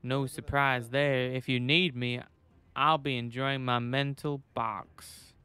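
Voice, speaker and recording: A smug police sergeant trades dry jokes in a game, voiced by a man. The voice is clear and smooth, and every line carries a teasing edge. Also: mid-range voice, little pitch movement, takes it slowly, sharp tone.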